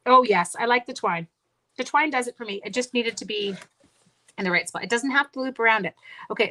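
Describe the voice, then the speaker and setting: In a mid-range voice that sounds pushed and bright, a middle-aged woman hosts a card-making livestream. She keeps up casual chatter with viewers while talking herself through each stage of the craft.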